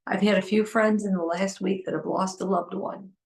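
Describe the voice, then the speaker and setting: A woman's voice: medium pitch, steady tone, normal speed, darkish tone. A middle-aged woman hosting a heartfelt solo podcast, talking earnestly and pleading, repeating phrases for emphasis. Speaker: podcast host.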